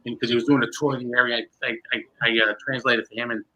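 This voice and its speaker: A man telling a long anecdote in a casual interview, lively and acting out the people in his story. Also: mid-range voice, fast, poor audio. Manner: animated, acts out dialogue. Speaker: guest magician.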